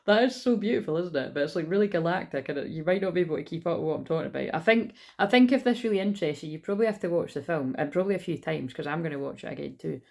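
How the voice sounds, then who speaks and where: A woman giving a casual spiritual card reading at home, chatty and rambling with excitable asides. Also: low-pitched, very fast, vocal fry, few pauses. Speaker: tarot reader. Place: at home indoors.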